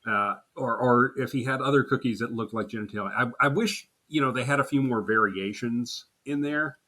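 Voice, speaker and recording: A man's voice: mid-range voice, moderate pace, pushed and bright. A man co-hosting a casual chat podcast, laughing often and acting out quotes as he talks. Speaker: podcast co-host.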